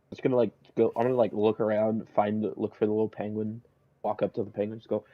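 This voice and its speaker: A man's voice: fairly low pitch, flat delivery, quick pace, muffled recording. A man playing a tabletop game, rambling playfully and filling his talk with "like". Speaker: player. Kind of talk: role-playing his character.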